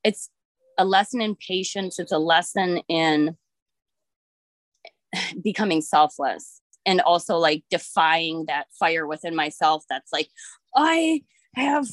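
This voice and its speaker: A woman's voice: sits low, steady tone, measured pace, dry recording. A woman in her thirties telling a personal story in casual chat, rambling with lots of filler words and frank swearing.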